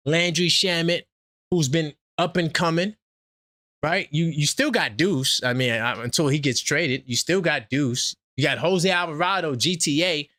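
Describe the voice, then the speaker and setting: A man hosting a casual sports fan stream, talking animatedly and trash-talking, swinging between loud outbursts and low asides. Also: unhurried, dry recording, studio quality. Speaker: sports channel host.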